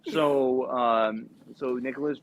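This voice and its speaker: This young ex-Marine recruiter talks slowly at a medium pitch, with slight background noise behind him. He tells a profane story in a casual, animated way, performing the quoted voices, on dull lo-fi podcast audio.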